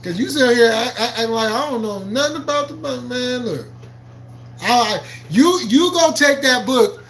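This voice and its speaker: High, bright-voiced man ranting on a livestream. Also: lively intonation, unhurried, slight background noise. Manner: combative, profane, repeats himself, laughs often; preachy and argumentative, quoting scripture. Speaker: livestream host. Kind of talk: live-stream rant answering chat.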